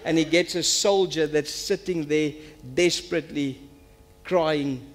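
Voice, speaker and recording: A man's voice: fairly high pitch, steady tone, unhurried. A man, a pastor preaching a sermon and telling a story that builds to emphatic appeals.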